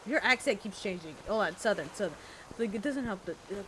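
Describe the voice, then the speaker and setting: Playful girl streaming a game, laughing at herself, lively pitch, noisy mic. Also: fast. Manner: playful, self-mocking. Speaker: let's-play streamer. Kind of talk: casual gameplay commentary.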